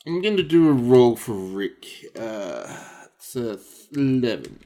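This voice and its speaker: A man's voice: medium pitch, very animated, measured pace, warm tone, a little hiss or hum. A man playing a tabletop role-playing game, describing his character with hesitant fillers. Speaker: player. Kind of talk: tabletop role-play chat.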